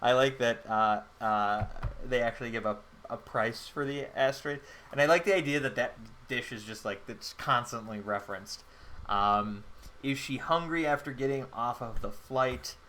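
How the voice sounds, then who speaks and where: A man's voice: medium pitch, normal speed, pushed and bright, a little hiss or hum. A man playing a solo tabletop game on his channel, thinking aloud in a rambling way with many fillers. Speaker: solo game player and host. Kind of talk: solo tabletop game play-through narration.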